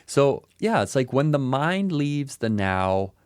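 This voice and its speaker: A man's voice: medium pitch, very animated, slow pace, clean tone, no room sound, studio quality. A man co-hosting a podcast who muses in casual talk and repeats short phrases as he works through an idea. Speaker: podcast co-host. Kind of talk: casual reflective chat.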